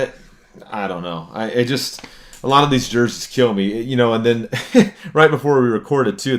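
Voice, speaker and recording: A man's voice: on the low side, a bit bright. A man co-hosting a sports podcast in casual chat, ranting with exasperated complaints and stammering restarts. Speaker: podcast co-host.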